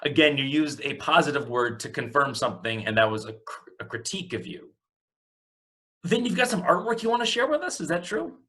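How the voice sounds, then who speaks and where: A man's voice: a little high, sing-song, brisk, bright, forceful tone. A man hosting a comedic talk show, teasing his guest in a dry, sarcastic manner. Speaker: host.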